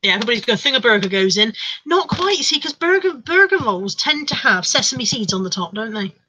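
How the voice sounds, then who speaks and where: A woman's voice: a little high, sing-song, fairly quick, bright, forceful tone, a little hiss or hum, poor audio. A woman hosting a live stream, reading out viewer comments in a playful, mock-dramatic chat. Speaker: livestream host reading chat.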